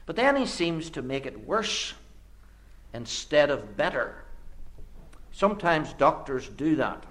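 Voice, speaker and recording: A man delivering a sermon, his fairly high voice ranging widely in pitch. He builds his points through repeated, rhetorical phrases. He drops to hushed low lines and then rises suddenly for emphasis. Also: sing-song, takes it slowly. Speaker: preacher.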